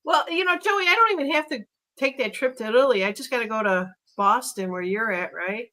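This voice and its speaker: A woman's voice: fairly high pitch, animated, a little fast, pushed and bright. A woman hosting a casual podcast chat, upbeat and talkative as she reads out viewer comments. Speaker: host.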